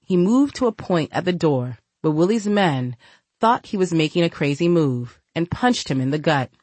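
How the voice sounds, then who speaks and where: A woman narrating an audiobook in steady storytelling. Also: fairly low pitch, normal speed, no room sound. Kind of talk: scripted narration.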